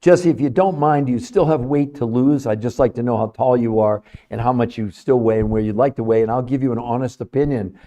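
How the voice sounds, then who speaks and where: A man's voice: medium pitch, steady tone, brisk, few pauses, dark tone. Emphatic, salesy middle-aged man. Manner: emphatic, salesy, repeats points for effect. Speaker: livestream host, nutrition researcher. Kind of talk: live stream talk to chat viewers.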